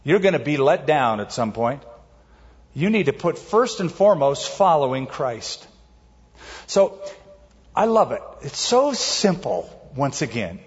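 A man preaching a sermon as pastor, emphatic, varying his pace and slowing words down for stress. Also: on the high side, in a large hall, lo-fi sound.

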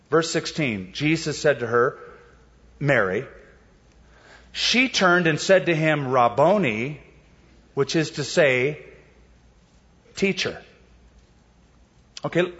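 Preacher with a slightly high voice in a reverberant hall. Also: male voice, a bit bright, highs cut off. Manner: conversational, explanatory preaching with rhetorical questions. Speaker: pastor. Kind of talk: sermon.

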